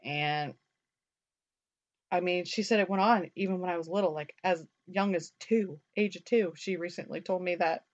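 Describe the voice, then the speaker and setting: A woman's voice: fairly low pitch, normal speed. A young woman co-hosting a talk show, rambling in casual chat full of "like" and the odd swear word. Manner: rambling, chatty, peppered with "like" and mild swearing. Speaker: podcast co-host. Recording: dull lo-fi recording.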